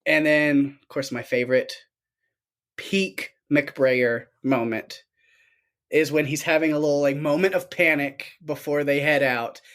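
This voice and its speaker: A man co-hosting a podcast in casual chat, recapping a film with lots of laughter and animated retelling. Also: a little high, measured pace. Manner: animated, laughs often, acts out quotes. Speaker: podcast co-host.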